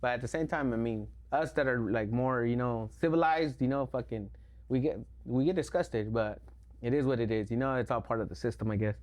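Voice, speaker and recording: Guy on a podcast telling stories quick, laid back, swearing every other word. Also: medium pitch, a little mellow. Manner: profane, slangy, laid-back. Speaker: podcast guest. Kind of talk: casual storytelling.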